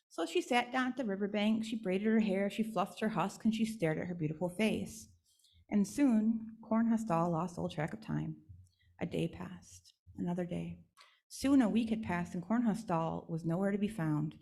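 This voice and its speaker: A woman's voice: mid-range voice, moderate pace, vocal fry, darkish tone. A woman speaker at a church service, telling a traditional legend in an instructive, storytelling way.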